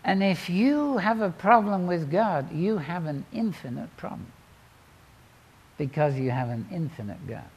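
A male preacher with a gravelly, husky voice that rises and falls in a lively sweep. He tells the story with drama, moving from loud bursts to quiet asides. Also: on the high side, a little slow. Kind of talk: sermon.

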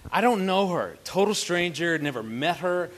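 A man's voice: sits high, expressive, moderate pace. A man telling a funny story to an audience at a family camp, playful and teasing. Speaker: married couple's co-speaker at a family camp.

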